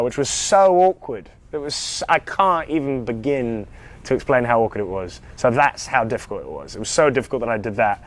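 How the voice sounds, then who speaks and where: Animated young British man chatting. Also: mid-range voice, fairly quick. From United Kingdom. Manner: animated storytelling, self-amused, with frequent ums and restarts. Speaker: actor answering fan questions. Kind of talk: casual live Q&A chat.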